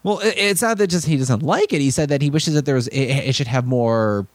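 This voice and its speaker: A young man co-hosting a casual podcast chat, telling stories animatedly, often stammering and restarting, and jumping into high voices to quote people. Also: fairly quick, no room sound. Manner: animated storyteller, jumps into high excited voices when quoting people. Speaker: podcast co-host.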